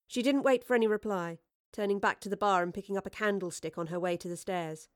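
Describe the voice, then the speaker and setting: Measured woman narrating a storybook. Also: mid-range voice, no echo, clean studio sound. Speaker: audiobook narrator.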